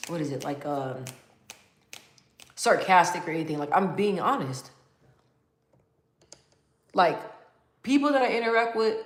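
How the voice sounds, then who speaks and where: A woman hosting a casual livestream, reading viewer comments aloud and talking in a calm, even tone with lots of fillers and frequent laughs. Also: fairly low pitch, roomy sound. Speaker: livestream host.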